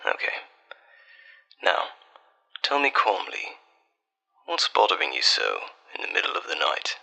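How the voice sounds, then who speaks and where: A man in a whispered role-play as a boyfriend on a late-night call, soft, tender and reassuring, with breathy whispering. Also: low-pitched, huge pitch swings, unhurried, rough recording. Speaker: ASMR artist.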